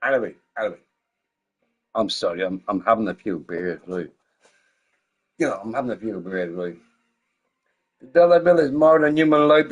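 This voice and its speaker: A man's voice: on the high side, lo-fi sound. Tipsy, rambling streamer guy, swearing. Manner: rambling, profane, laughs often. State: a little drunk. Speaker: game streamer. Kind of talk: casual live-stream chat.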